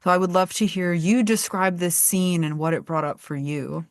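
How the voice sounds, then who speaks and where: A woman's voice: on the low side, moderate pace, no echo, studio quality. A woman hosting a podcast, talking in an earnest, reflective way and asking her guest open questions. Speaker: podcast host. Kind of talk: conversational podcast discussion.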